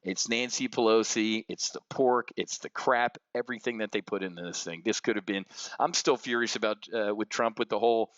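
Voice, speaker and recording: A man with a low voice delivers an unscripted market rant, blunt and profane, swinging from angry outbursts to heavy, somber stretches. The sound is dull and lo-fi, recorded close in a dry room with no echo. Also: fairly quick, a bit bright. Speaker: options trading show host.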